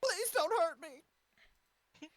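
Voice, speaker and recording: A man voicing a frail old granny, a spy in disguise, in a high quavering voice during a tabletop game. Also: lively intonation, drawn-out words, dry recording, heavily acted. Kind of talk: tabletop role-play character voice.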